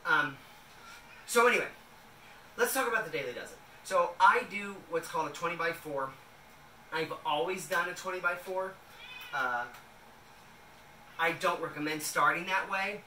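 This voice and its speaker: A man's voice: a little high, moderate pace, pauses often, bright, forceful tone, a little hiss or hum. A man in a casual home kitchen vlog, talking in a loose, rambling way with many fillers as he makes a salad. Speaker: vlogger. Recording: echoey room, a bit distant.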